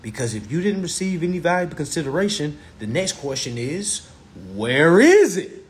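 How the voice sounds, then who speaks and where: A man's voice: a little high, animated, brisk. A man lecturing on a live stream, blunt and profane, who repeats his phrases for emphasis.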